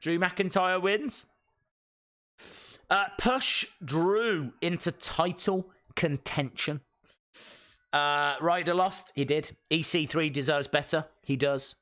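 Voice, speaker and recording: Man, live reaction streamer, chatty, excitable, raised pitch. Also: slow pace. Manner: chatty, excitable, reads out viewer comments. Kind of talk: live watch-along reaction commentary.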